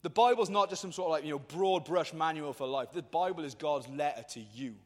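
A man, preaching a lively youth sermon to a crowd in a passionate, colloquial way. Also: a little high, a little fast. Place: large hall at a youth event. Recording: long hall reverb.

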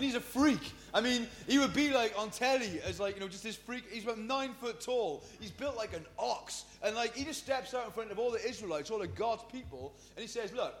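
A man's voice: sits high, long reverb tail, slight background noise. A young man preaching a comic, slangy sermon retelling a Bible story with lots of jokes. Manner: jokey, slangy, animated storytelling. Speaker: youth preacher.

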